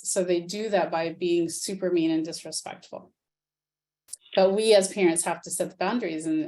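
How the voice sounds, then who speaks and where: A woman parenting coach answering questions in a calm, earnest way, acting out parents and teens in quick quotes. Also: lowish voice. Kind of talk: interview answers.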